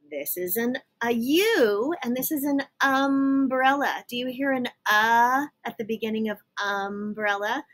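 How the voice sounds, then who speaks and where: A young woman teaching young children letter sounds, slowly and patiently sounding out each letter. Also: on the high side, animated. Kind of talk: phonics lesson for young children.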